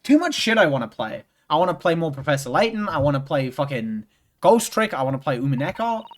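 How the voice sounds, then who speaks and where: A young man chats casually while streaming a game, his sing-song voice a bit higher than most men's and his pace brisk. He rambles, restarts and circles back, stuffing gaps with "like" and "um" and swearing offhandedly. A slight hiss or hum is audible.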